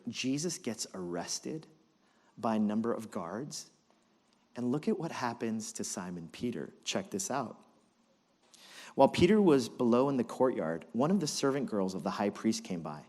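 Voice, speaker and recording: A man preaching as pastor, telling a story with animated, dramatic delivery. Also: lowish voice, unhurried, long reverb tail. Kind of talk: sermon.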